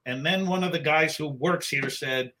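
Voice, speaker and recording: Middle-aged male guest, bright somewhat high voice, rambling storyteller, lots of restarts. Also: normal speed. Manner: rambling, with many restarts and acted-out quotes. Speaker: guest, book cover artist. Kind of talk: casual storytelling anecdote.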